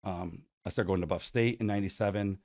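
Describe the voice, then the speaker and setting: A man's voice: low voice, fairly even intonation, fast talker, darkish tone, no room sound, studio quality. A man in his forties from Buffalo, a concert promoter telling stories as a guest. He acts out the quoted dialogue and leans on "like" a lot. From Buffalo, New York. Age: 40s. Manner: heavy use of "like". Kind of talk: storytelling interview.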